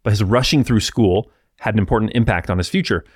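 A man hosting a history podcast, narrating in a relaxed, explanatory way with asides to the listener. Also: on the low side, fast talker, no echo, clean studio sound.

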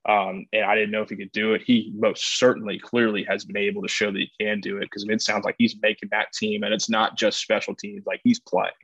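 Low-voiced man rambling about football. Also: flat delivery, quick pace, vocal fry, hardly any pauses, fairly bright tone, husky, dry recording, rough recording. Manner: rambling, restarts often, laughs easily. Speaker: podcast co-host, former player. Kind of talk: casual sports podcast chat.

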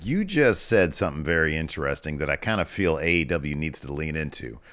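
An American man co-hosting a podcast, chatting casually about wrestling with quick laughs and playful bits. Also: very deep voice. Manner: animated, laughing, mimics people in quotes. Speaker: podcast co-host.

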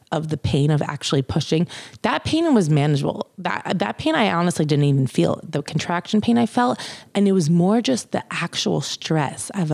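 A woman's voice: sits low, gravelly, darkish tone, no room sound, studio quality. A young mother casually telling her birth story, candid and chatty, swearing now and then and acting out what others said.

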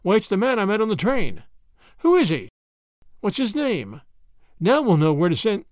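A man's voice: sits high, very animated, normal speed, a little mellow, dry recording, clean studio sound. A man voicing a kindly but stubborn old grandmother who talks earnestly and frets, in a storybook reading. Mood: eager.

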